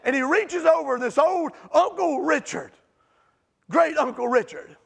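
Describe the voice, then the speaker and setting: A man preaching a sermon as pastor, telling a story with animated energy and rising to shouts. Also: extremely high pitch, measured pace, creaky.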